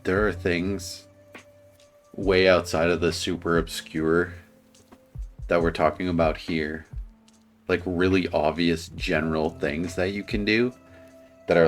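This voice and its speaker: Very deep, flat-voiced man with a slight lisp. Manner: earnest, rambling with restarts. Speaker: dating advice commentator. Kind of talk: casual reaction commentary.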